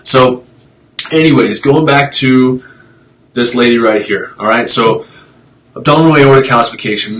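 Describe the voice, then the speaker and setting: A man's voice: mid-range voice, a bit bright, low-quality recording. A man talking casually on a live stream, explaining x-rays in a blunt, fired-up way, with tangents and mild swearing. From Italian heritage.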